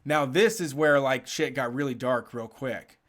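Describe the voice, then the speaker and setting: A man's voice: medium pitch, a little slow. A man on a casual talk show, telling a story with lots of swearing, laughing through parts of it. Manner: animated, profane, laughs while telling. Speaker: podcast host telling a story.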